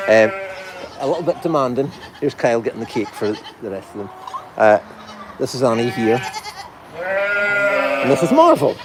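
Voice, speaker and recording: Farmer chatting among bleating goats. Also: male voice, medium pitch. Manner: chatty, coos affectionately at the goats. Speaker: farmer hosting a morning farm video. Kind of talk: casual talk to animals and viewers. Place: animal pen in a farm shed. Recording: noisy farm pen, goats bleating.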